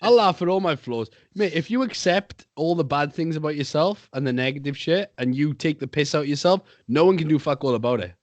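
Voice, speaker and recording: Animated swearing man, dry sound. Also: fairly high pitch, a little fast, few pauses, no room sound. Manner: animated, swearing, acts out quoted voices. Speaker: podcast co-host. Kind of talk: crude casual chat.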